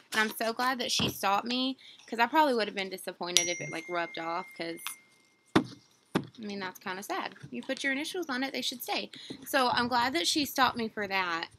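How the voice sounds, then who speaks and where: A woman's voice: fairly high pitch, background noise. A young woman, rambling through a casual unboxing story full of fillers and quoted dialogue. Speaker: vlogger.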